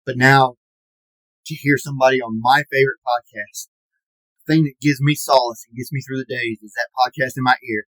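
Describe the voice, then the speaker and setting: A man's voice: medium pitch, steady tone, a bit bright, no echo, low-quality recording. Indignant man in his forties ranting. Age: 40s. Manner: indignant and self-pitying, with drawn-out dramatic emphasis. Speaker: aggrieved podcast fan. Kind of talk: mock-serious comedic rant.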